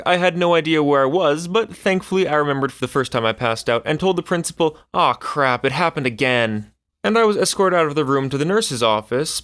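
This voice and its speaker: A man narrating online stories aloud as a scripted reading. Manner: animated storytelling with swinging pitch.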